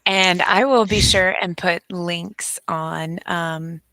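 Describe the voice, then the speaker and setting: A woman host with a low, gravelly voice, chatting casually on a podcast. She asks easy questions and affirms a lot, with dry, close sound. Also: steady tone, takes it slowly, no room sound. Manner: warm agreeing, many affirmations.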